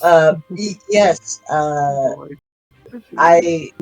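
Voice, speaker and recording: A player in a tabletop role-playing game who talks in a slow, laid-back and hesitant way. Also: medium pitch, soft background music, low-quality recording.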